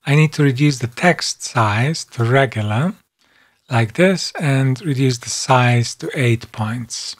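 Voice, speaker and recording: Male tutorial narrator, slow deliberate delivery, calm step-by-step voice-over. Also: mid-range voice. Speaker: software instructor. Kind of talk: screen-recorded tutorial narration.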